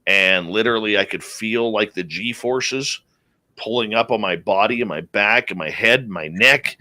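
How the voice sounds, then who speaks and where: A male radio host with a forceful, bright-edged voice and fairly low pitch. He tells stories animatedly and slips into quoted voices. The sound is dry and close. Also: moderate pace, dry recording. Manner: animated storyteller who acts out quoted speech. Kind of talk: casual interview talk.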